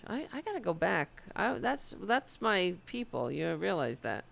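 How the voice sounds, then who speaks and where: A woman from the United States hosting a political livestream, chatting loosely and swearing, her voice going hoarse. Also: on the low side, big pitch swings, measured pace, fairly bright tone. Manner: loose, profane, rambling. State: losing her voice. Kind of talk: casual livestream chat.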